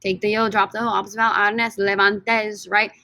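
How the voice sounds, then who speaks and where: A woman teaching a casual lesson, energetic and playful, repeating words slowly for her students. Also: mid-range voice, no echo. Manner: energetic and playful, drawn-out repetitions. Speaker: Spanish teacher.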